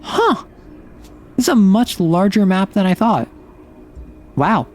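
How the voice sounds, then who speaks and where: Man, game streamer, casual chatty commentary, playful exaggerated reactions, slightly high voice. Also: sing-song, slow, faint music behind.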